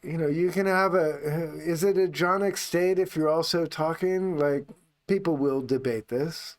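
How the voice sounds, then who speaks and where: Calm, unhurried male meditation teacher. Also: fairly high pitch. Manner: calm and unhurried, speaking only on the out-breath. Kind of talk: unscripted guided meditation talk.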